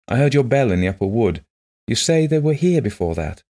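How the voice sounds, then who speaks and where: A man's voice: mid-range voice, sing-song, brisk, dark tone, pitched above the performer's own voice. A man reading the lines of a courteous, lightly wry English motorist in a story.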